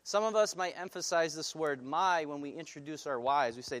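A male pastor preaching a sermon, animated and putting questions to his congregation. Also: fairly high pitch, normal speed.

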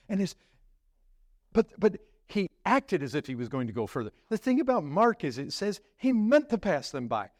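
A man preaching a sermon as pastor, emphatic and swinging between loud urgent questions and hushed, slow passages. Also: a little high, dry recording, studio quality.

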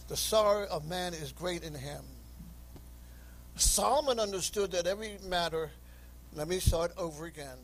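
Fervent male preacher, high voice, reads scripture, slight background hum. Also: low-quality recording. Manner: impassioned, rising to high shouts; reads scripture aloud in King James wording. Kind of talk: sermon.

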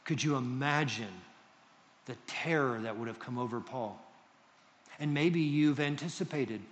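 A male pastor preaching a sermon to a congregation, moving between loud emphasis and hushed tones. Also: medium pitch, measured pace, big-room sound, dull audio. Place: church hall with congregation.

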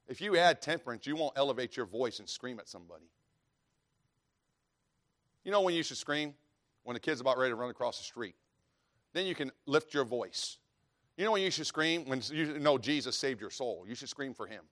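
A man preaching a sermon in a folksy, storytelling way, dropping to quiet asides and rising to loud preaching, reading scripture aloud. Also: fairly high pitch, animated, quick pace. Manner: reads scripture in old-fashioned wording.

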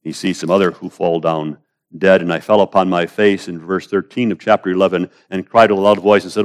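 A man with a fairly low voice delivers an expository sermon. He swings from loud, pleading cries when voicing the prayers down to low, quiet asides, and calls his listeners beloved. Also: steady tone, a little fast. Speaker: preacher.

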